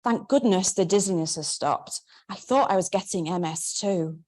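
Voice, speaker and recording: A woman, reading her memoir aloud in a wry, measured way. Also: fairly low pitch, a little mellow. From Manchester, England. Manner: wry, measured first-person narration. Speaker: memoir author.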